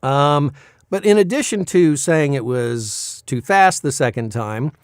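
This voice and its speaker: A man's voice: fairly high pitch, animated, measured pace, clean tone, no room sound, studio quality. Chatty male voice actor vlogging. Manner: chatty, rambling, self-deprecating. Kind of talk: casual vlog chat.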